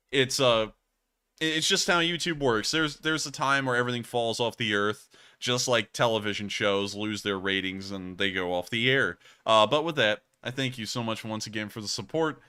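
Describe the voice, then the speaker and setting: Bright, crisp-voiced male livestream host. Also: mid-range voice. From United States. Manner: rambling, earnest, frequent fillers and restarts. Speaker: livestream host answering super chats. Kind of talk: casual livestream chat.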